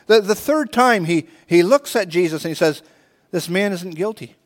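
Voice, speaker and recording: A man's voice: high voice, expressive, moderate pace, in a large hall. A man preaching a sermon and reading scripture aloud, earnest, often restarting and repeating words. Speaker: pastor.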